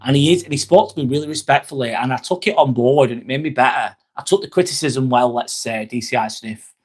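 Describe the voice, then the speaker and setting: A man's voice: medium pitch, fast talker. A man, hosting a casual live stream, talking bluntly and candidly while answering chat comments. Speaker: livestream host.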